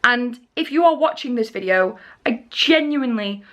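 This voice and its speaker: High-voiced chatty young woman. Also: normal speed. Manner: chatty and animated, with nervous laughs and restarts. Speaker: vlogger. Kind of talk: casual vlog storytelling.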